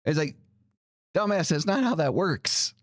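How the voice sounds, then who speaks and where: In a heated, profane monologue, a male podcast host rants casually, leaning constantly on "right?" and "like." His voice is on the high side and sing-song at a measured pace, recorded dry in studio quality.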